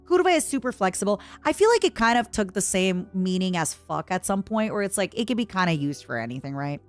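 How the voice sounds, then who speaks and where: A young woman from Canada chatting casually on a livestream, giggly and given to high squeals and snatches of song. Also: lively intonation, fairly quick, soft background music. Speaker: streamer.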